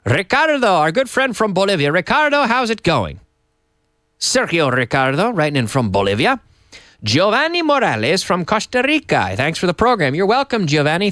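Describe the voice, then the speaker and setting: A man, a native English speaker, teaching an English lesson live and reading viewer messages aloud with animated energy. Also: medium pitch, dry recording, clean studio sound. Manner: lively, animated, reads viewer comments aloud. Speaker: English teacher and radio host.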